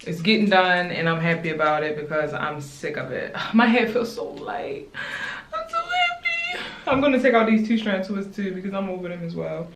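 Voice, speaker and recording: A young woman from Baltimore telling a casual storytime at home while doing her hair, chatty and animated, talking straight to her viewers. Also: on the low side, fairly quick, hardly any pauses, a little hiss or hum. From Baltimore, USA. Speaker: vlogger. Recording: roomy echo.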